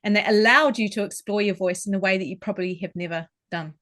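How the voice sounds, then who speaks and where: A woman talks as a vocal coach in a podcast interview. She explains clearly and carefully, and she shows each point by demonstrating how a voice can sound. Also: medium pitch, quick pace, fairly bright tone. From New Zealand. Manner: articulate, instructive, demonstrates vocal tones.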